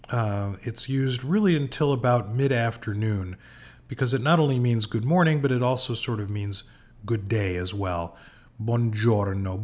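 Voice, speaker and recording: A man giving an informal pronunciation lesson, slow and patient, with frequent fillers, repeating each word for practice. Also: lowish voice. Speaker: language teacher.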